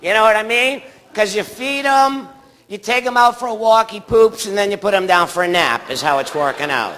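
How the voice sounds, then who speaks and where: A man's voice: sits high, normal speed, bright, forceful tone, a little hiss or hum. A man doing a stand-up comedy set on a theatre stage, rambling through his stories and bantering with the audience. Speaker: stand-up comic.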